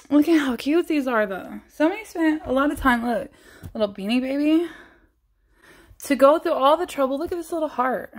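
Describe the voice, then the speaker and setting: High-voiced woman exclaiming in mock fright. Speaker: family vlogger. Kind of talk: staged prank vlog.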